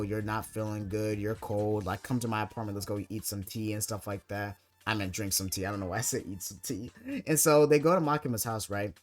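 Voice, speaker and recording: Young male essayist, lowish voice, casual rambling recap, lots of fillers, soft music under. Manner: rambling, heavy filler words like "like" and "basically". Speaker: anime video essayist.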